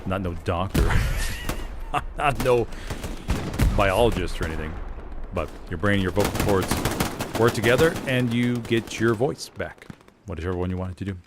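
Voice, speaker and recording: A man with a fairly low voice talks casually into his streaming mic, rambling and chuckling at himself. Loud game gunfire and artillery rumble behind him. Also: moderate pace, long pauses. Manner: rambling, chatty, laughs at himself. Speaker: streamer and voice actor. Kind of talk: casual chat while streaming a shooter game.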